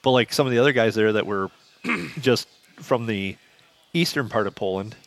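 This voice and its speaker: A man's voice: lowish voice, moderate pace. A man co-hosting a podcast, telling dry, offhand anecdotes in casual chat.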